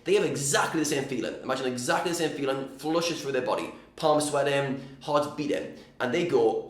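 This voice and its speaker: A man's voice: mid-range voice, brisk, hardly any pauses, echoey room. A man coaching poker players on mindset in a casual, direct teaching talk, checking in often with "all right?".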